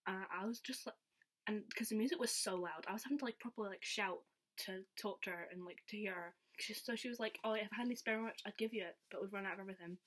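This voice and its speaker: A young woman telling a story in a casual, excited, chatty vlog style, full of "like" fillers. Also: medium pitch, fast. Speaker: vlogger.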